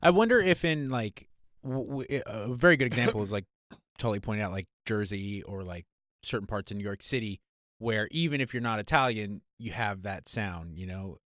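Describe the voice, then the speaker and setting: A man's voice: on the low side, normal speed, a bit bright, dry recording, clean studio sound. A man co-hosting a casual chat, thinking aloud and filling gaps with "like". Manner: musing, thinking aloud with many "like"s.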